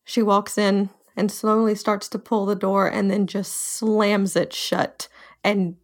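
A woman's voice: medium pitch, little pitch movement. A woman player in a tabletop role-playing game, speaking her character's lines and actions with intensity. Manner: intense, fast in-character confrontation.

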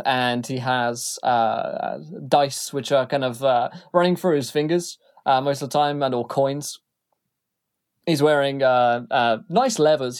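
A man narrating a tabletop game as game master, rambling with many fillers. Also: mid-range voice.

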